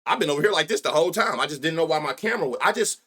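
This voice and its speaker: A man's voice: on the high side, racing, slightly rough. Hype guy streaming betting picks, voice jumps all over, cussing and hollering at chat. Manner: loud excitable outbursts, heavy profanity, slangy. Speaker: sports betting livestream host. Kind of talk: casual live-stream chat.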